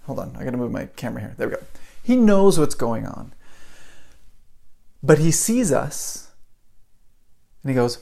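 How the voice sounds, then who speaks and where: A man in his thirties hosts a podcast, speaking straight to his camera in an easy, storytelling way. His voice sits mid-range in pitch. He keeps it animated, laughing lightly and checking in with rhetorical questions. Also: moderate pace, creaky, long pauses. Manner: animated, chuckles often, asks rhetorical "right?". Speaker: podcast host.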